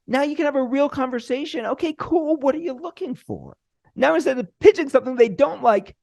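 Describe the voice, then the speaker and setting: A middle-aged man teaches screenwriting in a lively, swooping voice with a gravelly edge. He leans on deliberate pauses and acts out little bits of dialogue. The sound is dry and close. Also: high voice, dry recording. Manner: animated, uses deliberate pauses and acted-out dialogue. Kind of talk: instructional talk.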